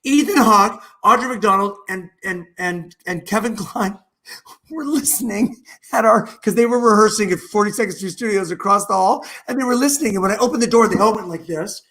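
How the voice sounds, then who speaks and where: High-pitched and fairly quick, a middle-aged stage actor shares stories as a guest in a video-call interview. His delivery is lively and animated but rambling, with frequent restarts.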